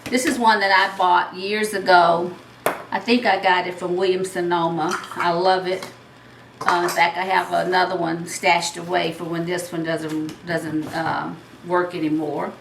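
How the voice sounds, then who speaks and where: Slow-talking Southern woman demonstrating a recipe. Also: on the low side, level tone, gravelly, noisy background. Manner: chatty, step-by-step explaining. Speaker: cooking show host. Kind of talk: home cooking demonstration. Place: home kitchen. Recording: roomy, mic at a distance.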